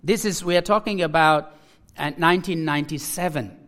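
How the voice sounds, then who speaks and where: A man preaching a personal testimony, emotional and halting, repeating his phrases and restarting as he speaks. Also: fairly high pitch, fairly bright tone.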